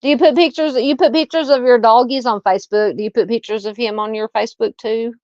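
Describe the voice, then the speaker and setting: A woman's voice: on the high side, fairly even intonation, quick pace, a little mellow, no room sound, dull audio. A woman with a Southern American accent hosting a casual livestream, chatting and reading out viewer comments. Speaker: livestream host. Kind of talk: casual live-chat.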